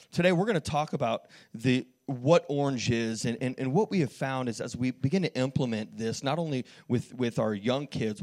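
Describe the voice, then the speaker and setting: A man preaching a sermon as pastor in church, telling a lively story with frequent restarts and calls to the congregation. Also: mid-range voice.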